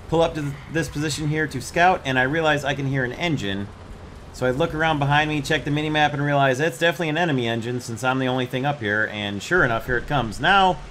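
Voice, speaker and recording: Guy narrating his tank game, bright clear tone, chill explainer vibe, faint noise behind. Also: mid-range voice. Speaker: gaming channel host. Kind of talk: gameplay commentary and squad voice chat.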